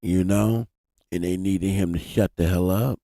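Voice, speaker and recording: A man's voice: deep voice, unhurried, dry recording, studio quality. A man hosting a live stream, talking animatedly to his chat in a casual, profane way. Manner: animated, swears freely, addresses chat directly. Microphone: desk mic.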